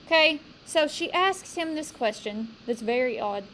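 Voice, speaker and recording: Woman teacher going over a poem with her class, slow, pretty high voice, bit of room hiss. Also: expressive, fairly bright tone, low-quality recording. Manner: slow, questioning, emphatic. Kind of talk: classroom poetry discussion.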